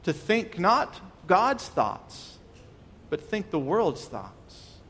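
A man's voice: high voice, big pitch swings, very slow, fairly bright tone, breathy edge, long reverb tail. A man preaching a sermon, earnest and questioning, often restarting his words. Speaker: pastor.

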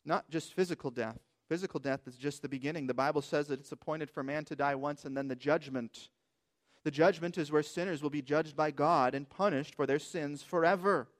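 High-voiced man preaching emphatically. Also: a little fast. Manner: emphatic preaching, rhetorical questions. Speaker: pastor. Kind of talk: sermon.

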